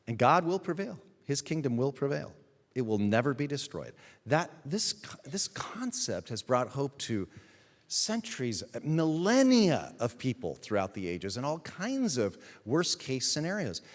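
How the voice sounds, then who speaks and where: A man's voice: medium pitch, big pitch swings. Male pastor preaching, swings up and down a lot, church reverb on it. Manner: emphatic, storytelling, dramatic pauses. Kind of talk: sermon. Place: church sanctuary.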